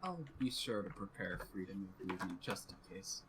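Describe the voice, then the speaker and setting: A man playing a tabletop game, thinking out loud about the rules. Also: low voice, moderate pace, background noise. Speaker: player. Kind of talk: casual chat at a tabletop game.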